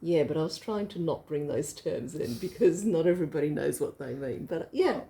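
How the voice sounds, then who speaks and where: Woman, low mellow voice, casual explainer in a home video chat. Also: expressive, normal speed, creaky. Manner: explains with a visual demo, laughs easily. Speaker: co-host. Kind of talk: casual bedtime reflection chat.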